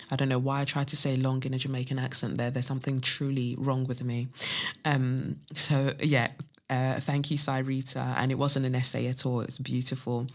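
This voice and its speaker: A podcast host who reads out a listener's letter, then rants bluntly, swearing and firing off rhetorical questions. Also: mid-range voice. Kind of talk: solo podcast monologue, reading a listener letter and ranting.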